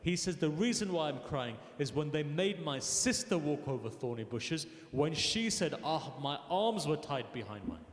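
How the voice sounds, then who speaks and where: A man's voice: on the high side, expressive, normal speed, few pauses. A man telling a mournful religious story in a sermon, voicing the people in it as his intensity rises. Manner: storytelling, voicing quoted figures with rising intensity. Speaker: speaker at a mosque gathering. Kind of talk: emotional sermon narration. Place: mosque hall. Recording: echoey hall with long reverb.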